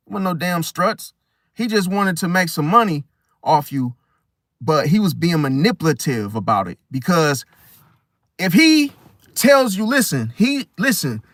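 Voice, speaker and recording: Animated high-voiced man ranting bluntly. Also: no echo, studio quality. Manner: animated, blunt, swearing, acts out quoted voices. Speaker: astrology channel host. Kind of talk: casual ranting monologue.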